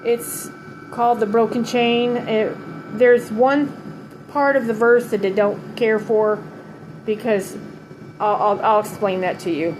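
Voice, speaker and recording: A middle-aged woman giving a tribute to her late mother at home, halting and holding back tears, with many pauses and restarts. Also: on the high side, steady tone, background noise. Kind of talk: emotional personal vlog.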